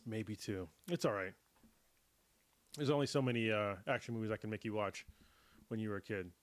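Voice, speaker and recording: A man's voice: fairly low pitch, fairly quick, no room sound. Laid-back man host, chatty and dry. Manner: relaxed, laughs often, trails off. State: getting over a cold. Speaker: livestream host. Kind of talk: casual chat.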